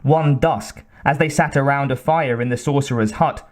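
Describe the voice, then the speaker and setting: A man narrating an audiobook in a measured, deliberate reading style. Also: mid-range voice. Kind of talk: scripted narration.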